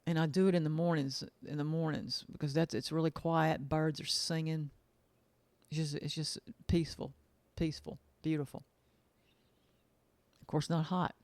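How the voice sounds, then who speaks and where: A woman's voice: low-pitched, fairly even intonation, moderate pace, a little mellow, no echo. Pet sitter lady rambling, folksy, says things twice, dry close mic. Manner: chatty, folksy, repeats herself for emphasis. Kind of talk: casual storytelling monologue.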